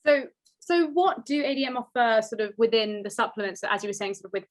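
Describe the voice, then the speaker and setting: A woman's voice: a little high, steady tone, a little fast. A woman hosting an interview, asking casual questions with lots of hedging filler words. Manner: casual questions with repeated "sort of". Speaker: interviewer host. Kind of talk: hosted interview.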